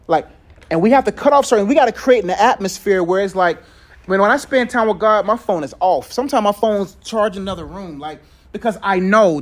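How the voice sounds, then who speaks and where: A man leading a casual faith talk with a group, telling stories in a lively way, acting out voices in quotes and laughing often, with loose phrasing full of "like". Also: high voice, moderate pace. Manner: animated storyteller who acts out quotes, laughs often; loose conversational phrasing with many "like"s.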